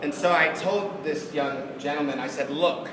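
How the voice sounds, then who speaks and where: Guy telling goofy stories at a con panel, kinda high voice, super echoey big room. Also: moderate pace. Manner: animated, jokey, acts out quotes with big pitch jumps and laughs. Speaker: voice actor on a convention panel. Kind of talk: lively convention panel storytelling. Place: large convention hall. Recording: far-off echoey hall recording with noise.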